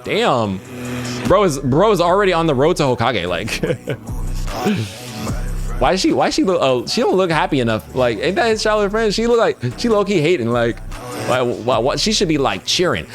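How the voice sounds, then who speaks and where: A man's voice: a little high, big pitch swings, moderate pace. A man streaming casual reaction commentary, talking in a laid-back, slangy way. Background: music.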